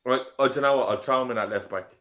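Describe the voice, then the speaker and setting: A man's voice: mid-range voice, rapid-fire, sharp tone, a little hiss or hum. A man taking part in a casual football quiz podcast, answering with confidence. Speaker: quiz contestant.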